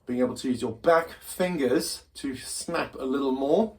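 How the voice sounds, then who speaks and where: A man's voice: mid-range voice, moderate pace. A man teaching a casual drum lesson, loose and self-deprecating, often restarting his sentences. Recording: loud drums and music behind the voice. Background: drum kit being played.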